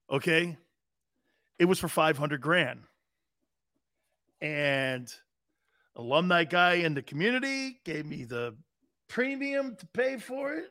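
A man's voice: fairly high pitch, fairly bright tone, dry recording, clean studio sound. A man in his fifties hosting a sports talk show, telling profane, laughing anecdotes in casual chat.

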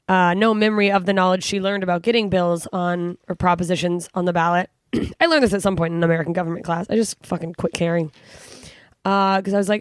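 A young woman from California talks alone into a close podcast mic, swearing and rambling through her frustration with lots of "like" and "I don't know." Her voice sits at a middle pitch and jumps up sharply when she is exasperated. The recording is dry, with no room sound. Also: no room sound. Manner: profane, exasperated, rambling with frequent fillers. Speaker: podcast host. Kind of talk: casual solo podcast rant.

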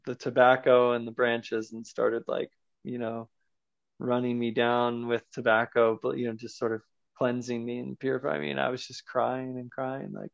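This podcast guest's mid-range voice barely moves in pitch, keeping a normal speed with a creaky quality and no room sound. He tells a personal story in an interview, earnest and searching, with plenty of fillers. The sound is dull and lo-fi.

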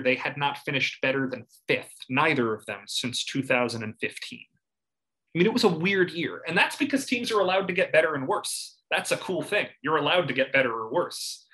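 A man's voice: medium pitch, pushed and bright, rough recording. A man hosting a sports podcast, talking casually and analytically about a college football season, with wry asides and laughs.

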